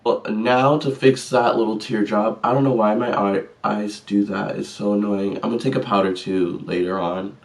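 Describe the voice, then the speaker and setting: A man's voice: on the low side, level tone, normal speed, vocal fry, hardly any pauses, distant mic. A man chatting casually and sassily through a makeup tutorial, joking at his own mistakes. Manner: chatty, sassy and self-deprecating. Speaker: vlogger.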